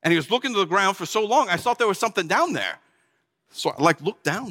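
Man preaching a dramatic first-person sermon, bright tense voice, big pitch swings, hall echo. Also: fast. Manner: animated, exclamatory storytelling.

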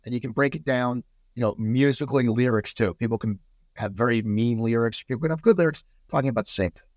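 Brief: middle-aged man, animated guest storyteller, dry close sound. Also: mid-range voice, quick pace, no echo. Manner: animated storyteller, restarts a lot. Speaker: podcast guest. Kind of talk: casual podcast chat.

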